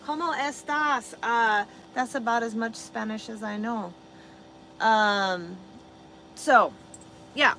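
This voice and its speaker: Woman, unhurried casual chat, profane and rambling, noisy background. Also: on the high side, pushed and bright. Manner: profane, rambling, self-amused, many fillers. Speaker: vlogger chatting with live viewers. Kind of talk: casual live-stream chat.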